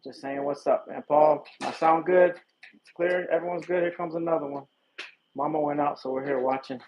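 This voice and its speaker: An Illinois police detective chats casually and laughs easily with viewers on a phone livestream outdoors at night. His fairly high voice has fairly even intonation at normal speed, and the stream sounds dull and lo-fi with background noise.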